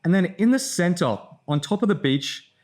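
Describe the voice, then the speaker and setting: A man's voice: high-pitched, lively intonation, normal speed, darkish tone. A tired young man in a casual vlog, telling a rambling story with lots of fillers and swearing. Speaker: content creator.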